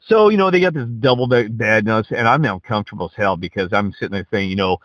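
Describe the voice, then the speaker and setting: A man's voice: lowish voice, lively intonation, fast, fairly bright tone, dry recording, low-quality recording. A man telling a rambling, profane anecdote in a casual way, often checking in with "right?". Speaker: storyteller.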